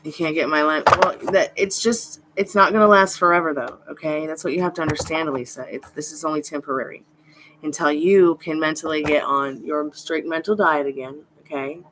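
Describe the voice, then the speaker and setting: A woman's voice: sits low, fairly even intonation, a little fast, noisy background. Chatty woman reading tarot live. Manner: chatty and reassuring, greets viewers by name. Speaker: tarot reader hosting a live stream. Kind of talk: casual live-stream chat.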